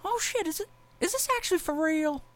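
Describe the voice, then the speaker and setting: Man doing a bewildered country cop, squeaky and high, lively swoops. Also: fairly quick. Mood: incredulous. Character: baffled small-town male police officer.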